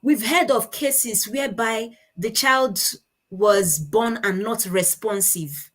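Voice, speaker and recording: A woman's voice: a little high, slow. A woman giving a conference talk with slides, explaining step by step and stopping to correct herself. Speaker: conference speaker on child speech disorders.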